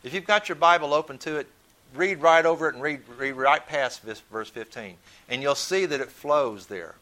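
A man's voice: fairly high pitch, moderate pace, pushed and bright. A man teaching a Bible study in a conversational way, often repeating words as he thinks and asking his listeners questions.

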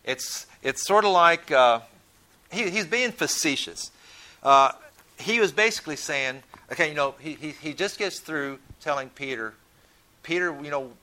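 A man's voice: a little high, animated, measured pace, bright, forceful tone. A man teaching a Bible study in a conversational way, often repeating words as he thinks and asking his listeners questions.

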